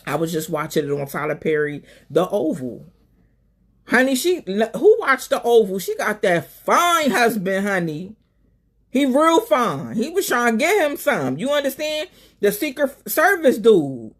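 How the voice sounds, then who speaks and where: A woman hosting a live call-in stream, talking casually and sassily, calling people honey and baby, swinging between loud and soft. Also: medium pitch, very animated, a little slow. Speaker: live show host.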